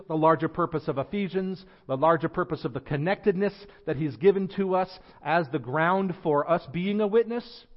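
Male pastor, emphatic sermon delivery, slightly high-pitched, muffled church audio. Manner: emphatic, slows and lifts voice on scripture quotes, drops quiet at phrase ends. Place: church sanctuary.

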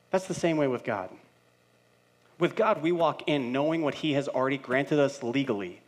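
A man in his thirties, a pastor, preaching a sermon in an easy, conversational style. He acts out the voices of the people he quotes, and his loudness rises and drops as he talks. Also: mid-range voice, animated, normal speed.

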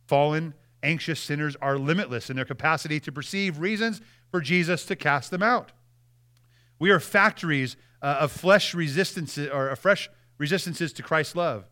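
A male pastor preaching a sermon, earnest, reading quoted passages aloud with emphasis and dropping to a hush at key lines. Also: a little high, expressive, normal speed. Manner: earnest, with repeated restarts and dramatic drops in volume.

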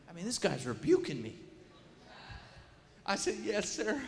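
High, bright-voiced preacher man in a reverberant hall. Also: normal speed, long pauses, slight background noise. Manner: animated storytelling, swings from quiet asides to loud shouted prayer. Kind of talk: sermon story. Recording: long hall reverb, faint ambience.

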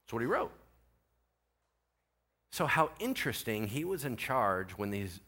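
Middle-aged male pastor preaching, animated storyteller with a lively, swinging delivery and a bright edge. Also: medium pitch. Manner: animated storytelling, voices others in quotes, swings from quiet to shouting. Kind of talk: sermon.

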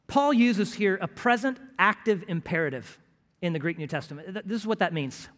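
A pastor preaching a sermon to his congregation, emphatic and rising to loud, pleading bursts. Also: high voice, expressive, a little fast, long reverb tail.

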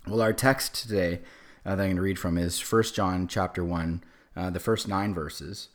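A man's voice: deep voice, steady tone, normal speed. A man in his forties with a cold, giving a casual sermon as a pastor, with many fillers and restarts. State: has a cold.

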